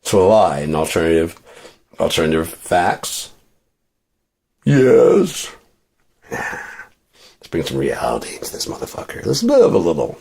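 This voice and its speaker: Male vlogger, gravelly and husky, rambling and profane, venting casually. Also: a bass voice, big pitch swings, takes it slowly, pauses often, a little mellow. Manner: rambling, profane, restarts often.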